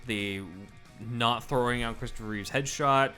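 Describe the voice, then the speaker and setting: A man co-hosting a podcast in casual chat, explaining things and agreeing with quick affirmations. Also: mid-range voice, pushed and bright, faint music behind. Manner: affirming and informative, quick "mm-hmm"s. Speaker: podcast co-host.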